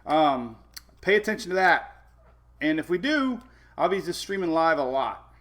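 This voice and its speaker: A man's voice: a little high, sing-song, unhurried, a bit bright. A man hosting a casual weather live stream, chatty, laughing often and talking to his dogs between updates.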